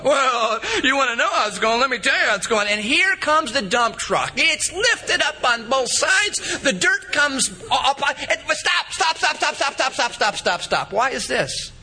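Man, 30s, pastor; lively high delivery, husky edge, repetitive preaching. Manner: animated, repetitive preaching with acted-out anecdotes. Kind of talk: sermon.

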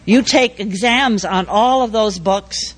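An older woman giving a speech, telling a personal story and acting out the dialogue in a measured way. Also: mid-range voice, poor audio. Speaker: speaker.

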